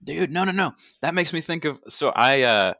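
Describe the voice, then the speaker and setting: A man's voice: on the high side, moderate pace, dry recording, clean studio sound. A man co-hosting a podcast, telling stories with energy and acting out the quotes. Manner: animated storyteller, acts out quotes. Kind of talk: casual podcast chat.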